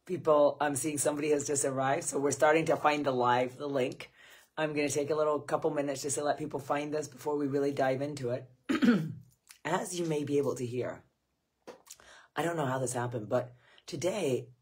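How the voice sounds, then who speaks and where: Woman, losing her voice, husky and croaky, chatty livestream host who greets viewers by name. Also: sits low, brisk, a little mellow. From Scotland. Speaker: screenwriting coach hosting a livestream Q&A. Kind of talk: casual livestream chat.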